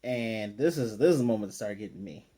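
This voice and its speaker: A man's voice: lowish voice, lively intonation, fast talker, dark tone. A man giving a casual, conversational recap and review of an anime episode, retelling scenes with loosely paraphrased character lines and lots of fillers. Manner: loose filler-heavy delivery with restarts.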